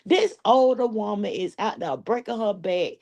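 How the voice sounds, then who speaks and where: A woman's voice: mid-range voice, animated, normal speed, a little mellow. A woman hosting a live stream, telling a story in a sassy, profane, laughing way. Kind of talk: casual live-stream commentary.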